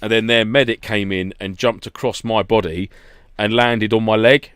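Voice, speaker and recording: A man's voice: on the low side, fairly even intonation, moderate pace, fairly bright tone, clear, resonant tone, no echo, clean studio sound. A man co-hosting a podcast, chatting casually, telling anecdotes and swearing now and then. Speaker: podcast co-host. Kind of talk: casual chat.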